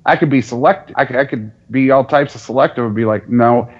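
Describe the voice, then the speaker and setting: A man's voice: mid-range voice, fast. Joking man on a dull recording. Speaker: podcast co-host. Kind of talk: casual sports chat.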